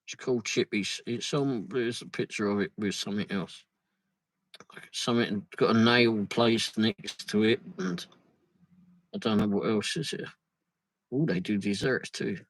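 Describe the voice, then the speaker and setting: Riding in a vehicle, a male streamer with a fairly low voice talks a little slowly in a relaxed live chat. He reads viewer comments aloud with muttered asides, captured in a low-quality recording without room sound.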